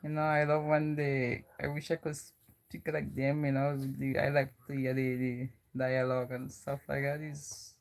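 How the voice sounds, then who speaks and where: A woman's voice: very deep voice, little pitch movement, a little slow, vocal fry, darkish tone. A young woman from the Virgin Islands with a Virgin Islands accent, chatting casually and rambling with lots of "you know". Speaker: vlogger. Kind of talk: casual chat.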